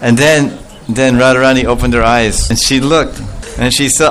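A man's voice: mid-range voice, fairly even intonation, normal speed, a bit bright, faint music behind. A man telling a devotional story as a sermon, acting out the voices of its characters with rising emotion. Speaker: spiritual storyteller.

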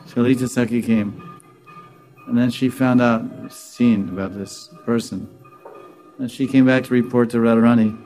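A man telling a devotional story in a relaxed, rambling way as a spiritual teacher, sprinkling in Hindi devotional terms. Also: mid-range voice, normal speed, faint music behind.

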